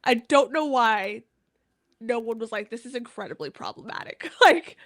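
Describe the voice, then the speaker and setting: A woman's voice: a little high, lively intonation, normal speed, fairly bright tone. A young woman co-hosting a casual book discussion, retelling scenes and reading quotes with frequent laughter. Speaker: podcast co-host.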